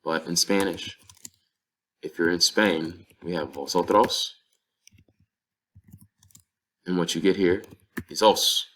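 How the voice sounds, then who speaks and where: A man with a very low, deep voice teaches a language lesson. He explains things patiently and step by step, working through example phrases. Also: steady tone, unhurried, a bit bright. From North Carolina, USA. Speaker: Spanish teacher.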